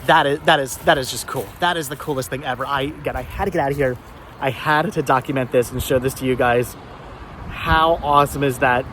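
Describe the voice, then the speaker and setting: A male vlogger talking excitedly outdoors at a roadside car wash, repeating himself and laughing often as he shows things to the camera. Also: mid-range voice, brisk. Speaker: vlogger host. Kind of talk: casual vlog narration. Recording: outdoor recording with faint road noise. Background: faint traffic and honking.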